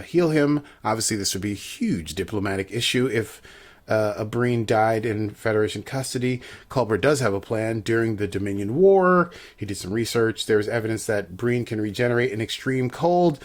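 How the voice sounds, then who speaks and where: A man at an ordinary middle pitch talks through a TV episode in a loose, chatty podcast style. He keeps the recap jokey and breaks off into playful asides. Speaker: podcast co-host. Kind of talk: casual episode recap chat.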